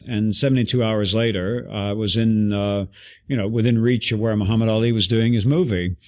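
A man guest telling an animated story in an interview, acting out the voices of people he quotes. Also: fairly low pitch, fairly quick.

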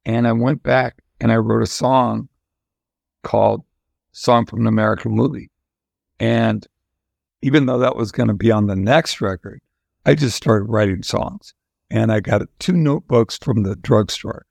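A man's voice: on the low side, moderate pace, gravelly, darkish tone, dry recording, studio quality. An older man, a musician guest, telling long candid stories in a casual interview, rambling with restarts.

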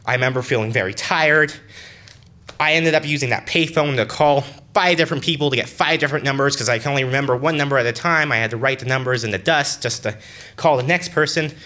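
A young man telling a personal story to an audience in an earnest, conversational, halting way. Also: mid-range voice, sharp tone.

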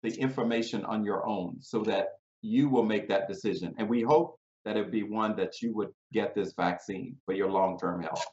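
A man speaking as a guest in an interview over a video call, measured and conversational, drawing on personal experience. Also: lowish voice, darkish tone. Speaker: guest, head of a national cities organization. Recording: dull, roomy video call audio.

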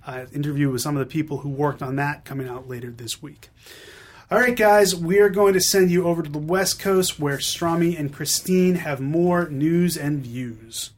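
A man hosting a podcast, running through news in a chatty, enthusiastic way with quick fillers. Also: on the high side, steady tone. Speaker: podcast host. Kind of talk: upbeat news roundup.

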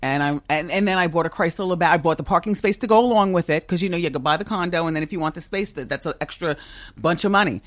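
This fast-talking woman in her fifties has a fairly low pitch, with no room sound around her. As a talk show host guesting on a podcast, recorded in an office that has a kitchen upstairs, she answers interview questions candidly and with emphasis. Her voice is strong and commanding, and she laughs a lot.

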